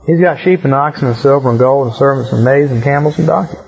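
A man reading scripture aloud and breaking off to explain it in relaxed, casual asides, as a Bible teacher, in a muffled lo-fi recording. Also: mid-range voice, fast, creaky, slightly rough. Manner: reads verses, then explains in relaxed asides.

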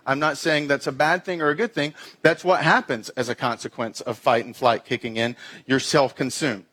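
A man's voice: mid-range voice, steady tone, normal speed, fairly bright tone. A middle-aged man preaching a sermon as a pastor, in a conversational, self-deprecating storytelling way with acted-out asides.

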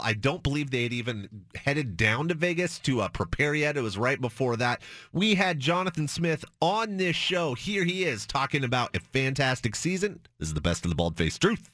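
Bright-voiced male sports radio host. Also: a little high, no room sound, studio quality. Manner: chatty storyteller, upbeat. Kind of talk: casual sports radio chat. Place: radio studio.

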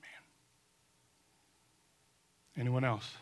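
A male pastor preaching at a church service, swinging from soft pleading to loud fervent calls and leading an altar call and prayer. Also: drawn-out words.

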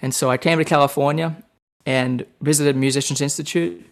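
A man's voice: fairly high pitch, fairly quick, creaky. A man in his thirties with an Australian accent, a guest musician telling casual, rambling stories with many restarts. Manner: rambling, repeats words, animated anecdotes. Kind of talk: casual storytelling interview.

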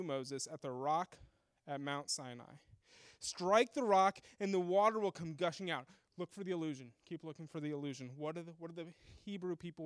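A man preaching a sermon, retelling scripture in a lively storytelling way and acting out the people in it. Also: a little high, dry recording, clean studio sound. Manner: animated storytelling, acts out voices. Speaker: pastor.

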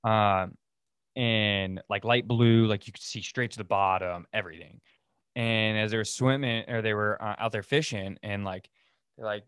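A man's voice: fairly low pitch, steady tone, normal speed, a bit bright, smooth, dry recording, studio quality. A man hosting a casual solo podcast, rambling through stories with lots of fillers and restarts. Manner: rambling, filler-heavy, loose storytelling. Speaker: podcast host.

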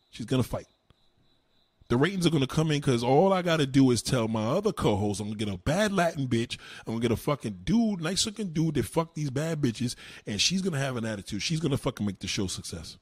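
A man ranting to a live chat as a streamer, loud, heated and profane. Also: medium pitch, slightly rough, no room sound. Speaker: online streamer.

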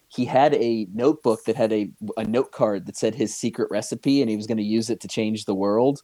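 A man's voice: lowish voice, moderate pace, hardly any pauses, mellow, dry recording. Rambling man with a dry close sound. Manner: rambling, hesitant with many fillers. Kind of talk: casual chat.

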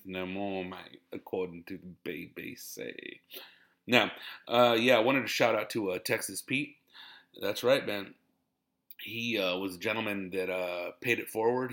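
Gravelly laid-back man on a podcast. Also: deep voice, fairly bright tone. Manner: laid-back, rambling, laughs a lot. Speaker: podcast host and stand-up comedian. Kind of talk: casual podcast monologue.

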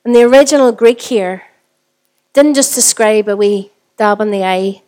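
A woman's voice: mid-range voice, moderate pace, darkish tone. A woman pastor with a Northern Irish accent, preaching a sermon in a conversational way and putting rhetorical questions to the congregation. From Northern Ireland.

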